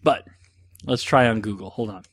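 A man's voice: on the low side, normal speed, fairly bright tone, no room sound. A man hosting a casual solo show, answering listener questions in a rambling, self-deprecating, joking way, with lots of ums and uhs. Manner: rambling, self-deprecating, jokey, with many fillers.

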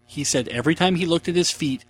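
A man's voice: fairly high pitch, quick pace, husky, faint music behind. A man in his thirties hosting a casual solo podcast, chatty, rambling and self-mocking. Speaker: podcast host.

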